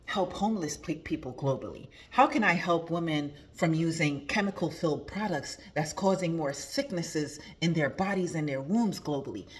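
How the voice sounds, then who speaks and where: A woman hosting a motivational talk as a spiritual coach, emphatic and preachy, repeating her key phrases. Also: low-pitched.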